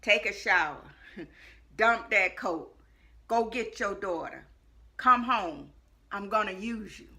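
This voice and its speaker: A woman voicing God as a calm, commanding presence who gives steady, repeated step-by-step instructions. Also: mid-range voice, slow, pauses often, slight background noise. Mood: calm commands.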